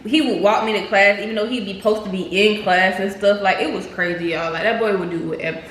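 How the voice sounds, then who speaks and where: A woman's voice: medium pitch, steady tone, quick pace, fairly bright tone. A young woman telling a casual storytime to her viewers, chatty and slangy, often calling them "y'all.". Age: young adult. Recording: echoey room with faint noise.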